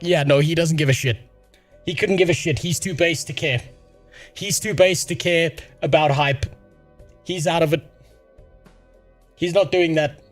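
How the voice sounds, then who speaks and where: A man streaming a casual reaction, sarcastic and crude, swearing often. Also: a little high.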